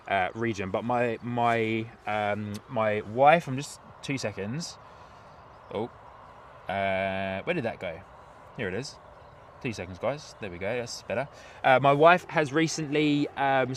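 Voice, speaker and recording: Man, English, thirties, live stream host, outdoors, rambling and cheerful chat, mid-pitched, faint background noise. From England. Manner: chatty, laughs often, many fillers and restarts. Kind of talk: live plane-spotting stream, reading chat. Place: outdoors at an airport, light rain. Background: faint outdoor and vehicle noise.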